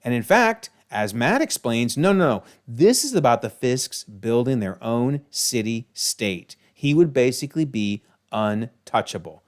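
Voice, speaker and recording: A man hosting a video, recapping a TV episode in an animated, exclaiming way. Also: mid-range voice, measured pace, few pauses. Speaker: video host.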